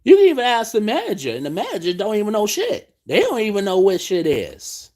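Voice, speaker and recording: A man's voice: high-pitched, huge pitch swings, a little fast, darkish tone. A man hosting a late-night live stream, ranting in a profane, exasperated way.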